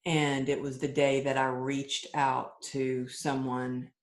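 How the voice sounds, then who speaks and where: A woman's voice: a bass voice, level tone, slow. A middle-aged woman, a podcast guest, telling her story candidly and earnestly, often restarting her sentences. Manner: earnest and open, with frequent restarts and acted-out quotes.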